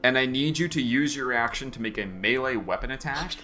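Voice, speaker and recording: A man narrating as game master in a casual tabletop game, laughing often and pausing on fillers. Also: medium pitch, expressive, sharp tone, soft background music. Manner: laughing, hesitant with many fillers.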